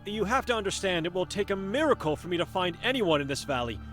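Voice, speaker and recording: Benedek, an earnest monk. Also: male voice, high voice, big pitch swings, quick pace, fairly bright tone, soft background music. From Hungary. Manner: polite, pressing questions. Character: earnest male monk searching for his sister. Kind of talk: video game voice acting.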